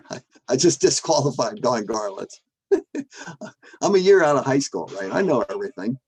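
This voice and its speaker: Older man telling a lively story. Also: mid-range voice, unhurried, long pauses, husky, poor audio. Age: 70s. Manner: animated, acts out shouting in his quotes, laughs between lines. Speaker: guest, former drag strip starter.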